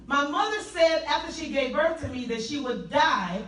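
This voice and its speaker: A woman from South Carolina with a Southern accent, telling her life story to an audience in an animated way and drawing answers from the crowd. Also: high voice, moderate pace, reverberant, distant mic, a little hiss or hum, rough recording. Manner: animated, laughing, call-and-response with the crowd. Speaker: motivational speaker. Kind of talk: testimony speech to an audience.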